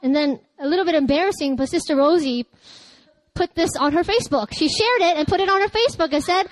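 A woman pastor preaches in a lively, chatty way, often laughing and bursting into loud cries. Her voice sits high, and the sound is dry and close to the mic, with no room around it. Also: brisk, no room sound, poor audio. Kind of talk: sermon.

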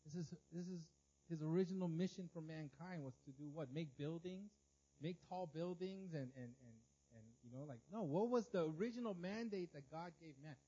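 A man's voice: on the high side, moderate pace, mellow, highs cut off. A man preaching a sermon to his congregation, in a loose conversational way with fillers and rhetorical questions. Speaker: pastor.

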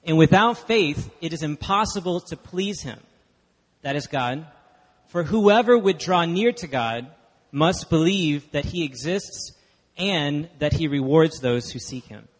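A man's voice: fairly high pitch, lively intonation, measured pace. A man from Texas, preaching a sermon as guest speaker, chatty and emphatic with the congregation. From Dallas, Texas. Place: church hall. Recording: long hall reverb.

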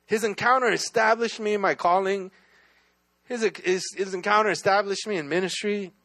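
A man's voice: sits high, fairly even intonation, moderate pace, sharp tone. A man, a pastor, telling his own testimony in a sermon, talking casually with many restarts and "right?" asides.

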